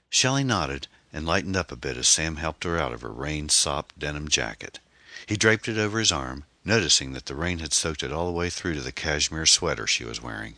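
A man reading a mystery novel aloud as scripted audiobook narration, expressive and steady, on a close microphone. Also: rumbling low, brisk, dry recording.

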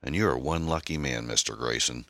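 A brisk hospital doctor, voiced by a male audiobook narrator. He talks in a deep, matter-of-fact way and sounds close and dry. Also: pushed and bright, dry recording, full character voice.

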